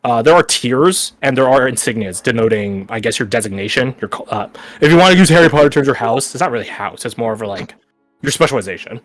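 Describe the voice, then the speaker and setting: A man's voice: medium pitch, expressive, fast talker, a bit bright, no room sound, soft background music. A man narrating a tabletop game as game master, hesitant and searching for words as he describes the scene.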